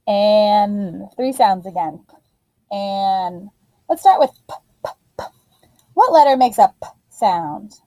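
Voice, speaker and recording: A woman teacher giving a phonics lesson to young children in an animated, sing-song voice. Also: mid-range voice, no echo, poor audio.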